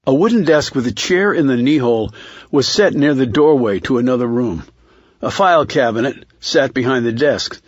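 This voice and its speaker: Steady male thriller narrator. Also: mid-range voice, dry recording. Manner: measured, steady reading. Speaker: audiobook narrator.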